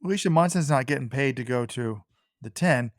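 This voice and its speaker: A man's voice: mid-range voice, brisk, no echo. A man co-hosts a podcast in casual, opinionated talk. His voice sits in an ordinary middle range, recorded dry and close. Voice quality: opinionated, critical commentary. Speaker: podcast co-host. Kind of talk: casual chat.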